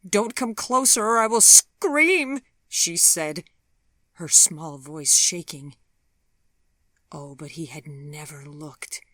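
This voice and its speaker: A woman narrating an audiobook in a soft, breathy half-whisper, her voice low and unhurried. She reads slowly and evenly, recorded close and dry with no room around her. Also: dry recording. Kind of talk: scripted narration.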